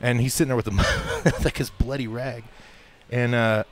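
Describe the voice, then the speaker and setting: An American man telling a long story as a radio show guest, animated and laughing often as he acts out the voices of people in it. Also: mid-range voice, moderate pace. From United States. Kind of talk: casual storytelling.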